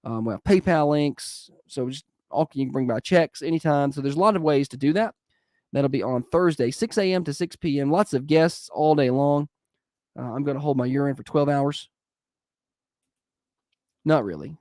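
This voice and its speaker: A man's voice: on the high side, moderate pace, a little mellow, no room sound. A nasal man hosting morning radio with a stuffy nose and the odd sniffle. He rambles through announcements in an upbeat, casual way, in a dry, close sound. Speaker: radio morning show host.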